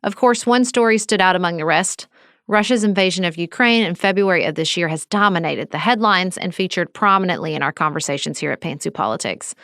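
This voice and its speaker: A woman's voice: fairly low pitch, fairly quick, a bit bright, no echo. Emotional lady chatting politics on a podcast, dry mic. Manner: heartfelt, emotional, conversational. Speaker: podcast co-host.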